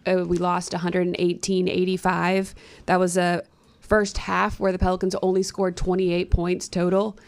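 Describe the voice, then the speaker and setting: A woman TV sports host and reporter giving a measured, matter-of-fact recap in casual chat. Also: lowish voice, monotone.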